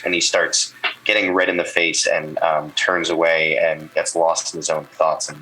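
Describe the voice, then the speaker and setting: A man's voice: deep voice, moderate pace, husky, poor audio. A man running a tabletop game as game master, narrating loosely with fillers. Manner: relaxed, many fillers.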